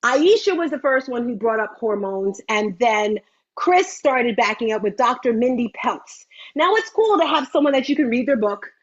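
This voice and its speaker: High-voiced woman in her 50s hyping a fitness event, chatty, repeats stuff, kinda dull lo-fi sound. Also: normal speed. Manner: animated, chatty, repeats phrases for emphasis. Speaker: host of an online fitness meeting. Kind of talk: lively live-stream pitch.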